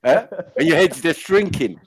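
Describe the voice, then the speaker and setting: A man's voice: on the high side, animated, moderate pace. A man, casually bantering and joking with friends on a live panel, laughing often and using street slang.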